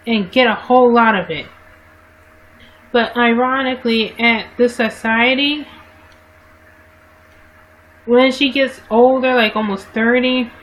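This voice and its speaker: A woman chats to her livestream viewers in a slow, unhurried drawl, her voice sitting a little high. She rambles and keeps stopping to correct herself, picked up by a webcam mic with a faint hiss underneath. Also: fairly bright tone, rough recording. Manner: rambling, frequent self-corrections and restarts. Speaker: livestream vlogger. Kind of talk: casual rambling monologue to viewers.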